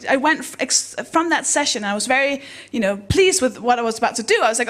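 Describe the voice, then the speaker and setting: A woman with a notably high voice performs stand-up with dry, self-mocking delivery. She breaks now and then into shrill, excited voices for the people in her stories. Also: fast talker, few pauses. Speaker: stand-up comedian and compere. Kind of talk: stand-up comedy set.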